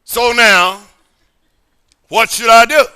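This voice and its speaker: During a church service in the sanctuary, a middle-aged male pastor preaches a sermon, emphatic and repetitive, veering between sudden shouts and quiet asides. His voice is extremely high-pitched, smooth, and slow.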